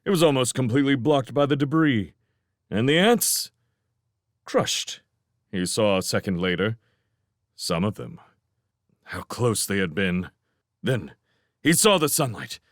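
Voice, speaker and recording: A man giving a dramatic fan reading of a novel, swinging between tense urgency and hushed lines. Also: medium pitch, very animated, a little slow, long pauses, no room sound, clean studio sound. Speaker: audiobook reader.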